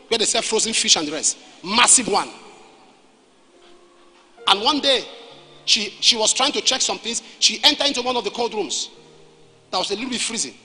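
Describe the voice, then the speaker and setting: A man's voice: high voice, pushed and bright. A man with a Nigerian English accent preaching a sermon as a pastor, telling a story and repeating phrases for emphasis. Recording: reverberant hall, faint noise.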